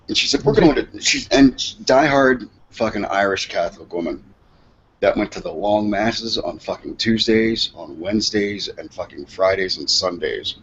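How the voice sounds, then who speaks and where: A man's voice: lowish voice, normal speed. A man co-hosting a casual talk show, telling long rambling stories full of profanity. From Massachusetts. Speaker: co-host. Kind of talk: casual chat, storytelling. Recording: dull lo-fi sound with faint noise.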